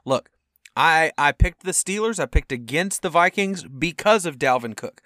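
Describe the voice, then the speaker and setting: A young man co-hosting a football podcast in casual chat, animated and acting out quotes with sudden loud outbursts. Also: on the high side, moderate pace, no echo, studio quality. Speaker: podcast co-host.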